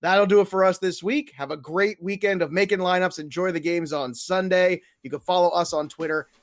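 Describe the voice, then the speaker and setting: A man's voice: high-pitched, fairly even intonation, brisk, no room sound. A man hosting a fantasy football podcast, chatting casually and hyping his picks. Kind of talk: casual sports talk.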